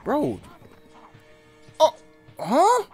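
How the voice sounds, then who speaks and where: A man giving excited, trash-talking commentary while playing a fighting game, yelping and laughing often. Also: very high-pitched, extremely slow, faint music behind. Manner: animated, yelps and laughs, trash-talks the opponent. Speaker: gaming channel host.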